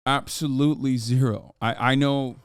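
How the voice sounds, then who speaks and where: This Los Angeles live streamer, a man in his thirties, jokes around with hype, chats casually, and reads chat messages aloud from his home studio. His mid-range voice is clear and resonant, steady and moderately paced, captured in clean studio sound without room tone.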